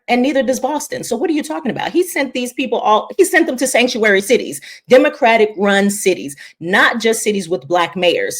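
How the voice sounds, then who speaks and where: Exasperated woman giving political commentary. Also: mid-range voice. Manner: indignant, exasperated, emphatic. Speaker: commentary host.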